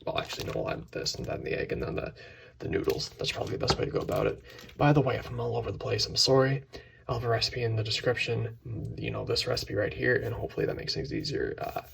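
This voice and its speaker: A man's voice: medium pitch, lively intonation, fast talker, creaky, noisy background. A man hosting a casual cooking video in his home kitchen, rambling, correcting himself often and sometimes dropping to a whisper. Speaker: cooking channel host. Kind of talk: casual cooking ASMR chat.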